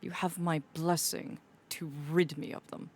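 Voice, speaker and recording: A woman's voice: on the low side, flat delivery, measured pace, a little mellow, breathy edge, voice pushed down. A woman putting on the voice of a stern, haughty male fae lord, pompous and solemn, as a playful impression.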